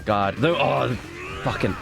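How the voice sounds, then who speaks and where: A man's voice: mid-range voice, creaky. A young man streaming a game, rambling and swearing in a self-mocking, casual commentary.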